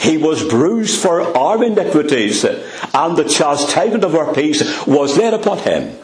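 A man preaching a sermon in a church, with dramatic pauses and a voice that drops low on repeated refrains. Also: very animated. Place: church hall. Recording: echoey church sound.

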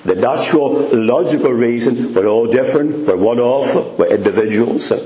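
A man preaching a sermon, slow and emphatic, leaning hard on key words and drawing them out. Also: medium pitch, mellow. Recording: echoey room.

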